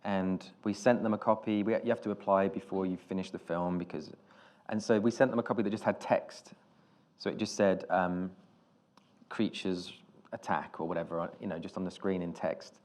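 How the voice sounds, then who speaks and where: Rambling, low-voiced British man telling stories. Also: fairly even intonation, normal speed, darkish tone. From Britain. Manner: rambling storyteller, self-deprecating, many restarts. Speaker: film director, guest. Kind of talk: anecdotal interview on stage.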